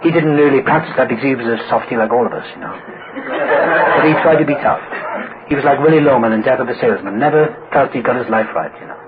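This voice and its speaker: A man's voice: mid-range voice, rapid-fire, few pauses, crowd noise. A man giving a personal recovery talk, telling his story and acting out the voices of people he quotes. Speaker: AA speaker. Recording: tinny phone-like recording with noise.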